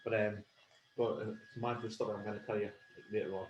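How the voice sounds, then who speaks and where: A man's voice: fairly low pitch, little pitch movement, fast, highs cut off, slight background noise. A man with a Sunderland accent co-hosting a casual chat over beers, telling rambling stories and laughing along. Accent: Sunderland (Mackem). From Sunderland, England. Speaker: podcast co-host. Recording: echoey room with faint ambience.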